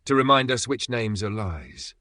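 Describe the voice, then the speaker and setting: A man voicing a calm alien male elder who speaks in a grave, measured way. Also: on the low side, no room sound, clean studio sound. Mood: solemn.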